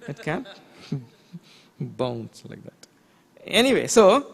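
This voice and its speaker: A man, a swami, giving a spiritual lecture, explaining scripture terms and asking rhetorical questions. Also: medium pitch. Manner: recites verses in a slow chant. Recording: long hall reverb.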